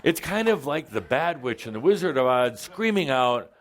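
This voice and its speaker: A man's voice: medium pitch, very animated, moderate pace, background noise. Playful, theatrical man channeling a spiritual teacher. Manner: playful and theatrical, laughing often, teasing the audience. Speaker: channeler addressing a spiritual group. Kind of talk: live channeled spiritual talk to an audience.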